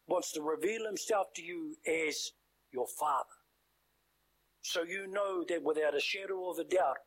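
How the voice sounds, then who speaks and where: A man's voice: high voice, breathy edge, rough recording. A man with a New Zealand accent preaching a sermon in a colloquial, heartfelt way and leading a prayer, from a radio broadcast. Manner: impassioned, colloquial preaching, then hushed prayer. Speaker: pastor.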